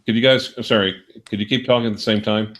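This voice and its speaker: A man's voice: fairly low pitch, steady tone, fast talker, a bit bright. A man chatting casually as co-host on a livestream, with dry, wry remarks. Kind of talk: casual chat.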